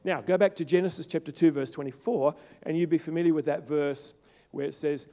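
Preacher in an echoing hall. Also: male voice, on the high side, steady tone, brisk. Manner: builds to loud emphatic peaks, then drops soft. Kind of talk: sermon. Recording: long reverb of a large hall.

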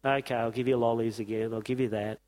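A man's voice: medium pitch, steady tone, fast talker, darkish tone, voice pushed down, natural voice, poor audio. A male preacher voicing God as a resigned, indulgent figure who answers selfish prayers.

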